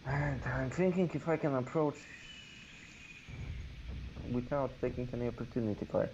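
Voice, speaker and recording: A man's voice: mid-range voice, normal speed, darkish tone. A man playing a wargame on a stream, thinking aloud hesitantly with lots of fillers. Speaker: wargame player and co-host. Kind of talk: casual chat during a game. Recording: dull stream audio with clear hiss.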